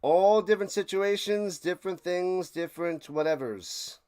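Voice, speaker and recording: A man streaming a live watch-along, rambling between plays and shouting out big plays. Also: high voice, normal speed, smooth. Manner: rambling chatter with sudden shouted play calls.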